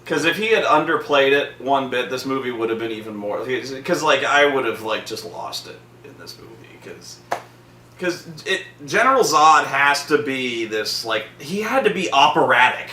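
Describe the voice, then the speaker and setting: Guy rambling n cursing about a movie, lively bright voice, roomy far-off sound. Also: medium pitch, moderate pace. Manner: rambling, profane, acts out quotes in loud voices. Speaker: vlog host reviewing a movie. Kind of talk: casual chat. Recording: roomy echo, from a distance, faint noise.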